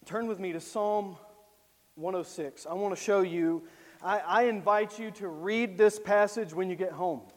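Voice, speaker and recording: A man with a strikingly high voice preaches a sermon, slow and deliberate. He hammers points with loud emphatic declarations, then drops to low asides. His voice rings through a reverberant hall.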